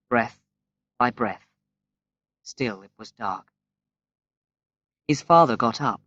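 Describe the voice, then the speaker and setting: A man reading a graded-reader story aloud as audiobook narration, slow and measured with long pauses. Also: medium pitch, fairly bright tone, dry recording. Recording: dry, slightly dull lo-fi recording.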